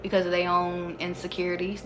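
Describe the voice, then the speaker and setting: A woman's voice: lowish voice, completely flat delivery, brisk, echoey room, noisy background. A woman who reads tarot, giving a casual livestream pep talk to her viewers. She talks profanely and emphatically and keeps asking rhetorical questions. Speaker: tarot reader.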